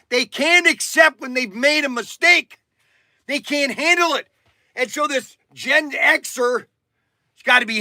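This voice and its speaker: With an extremely high, sharp-toned voice and no echo on the recording, a hobby shop owner in his sixties hosts a stream. He raises his voice while telling an indignant story, ranting as he goes.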